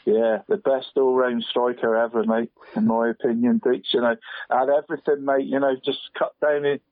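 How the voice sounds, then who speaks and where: A man's voice: mid-range voice, level tone, normal speed, no echo. A man in his forties on a radio show, chatting casually and rambling about football, dropping "mate" into nearly every sentence. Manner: rambling, says "mate" constantly. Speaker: football pundit guest. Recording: dry, tinny phone line.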